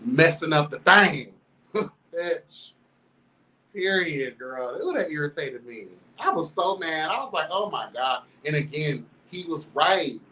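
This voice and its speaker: A man's voice: on the high side, slow, recorded from a distance, poor audio. Sassy, flamboyant man telling a story. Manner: sassy, flamboyant, calls listeners "girl" constantly; animated, laughs through the telling. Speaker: host. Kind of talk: candid storytelling commentary.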